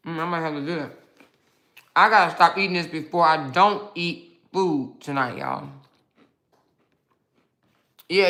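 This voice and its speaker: A woman's voice: lowish voice, a bit bright. A woman hosting a casual livestream who reads out viewer comments, snacks as she talks, and answers back in a sassy, mocking way. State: snacking while talking. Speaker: livestream host.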